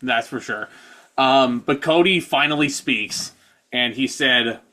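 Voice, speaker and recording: A man co-hosting a casual wrestling review, talking in a relaxed, hesitant way. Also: mid-range voice, slow. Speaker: podcast co-host.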